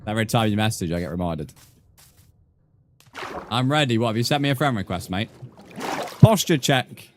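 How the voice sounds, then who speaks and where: A man's voice: fairly low pitch, animated, normal speed, pauses often, a little hiss or hum. A man chatting casually with viewers while streaming a game, rambling and full of crude jokes. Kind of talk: casual live-stream chat while gaming.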